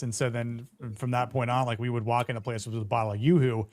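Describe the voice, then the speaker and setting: A middle-aged man hosting a casual podcast chat, talking in a laid-back, halting way with fillers and restarts. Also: medium pitch, little pitch movement, darkish tone. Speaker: podcast host reading chat.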